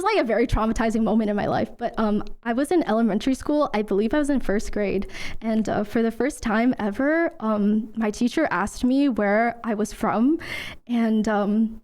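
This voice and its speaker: A young woman streamer talking candidly in halting casual chat, full of fillers and tearing up at times. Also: a little high, a little mellow.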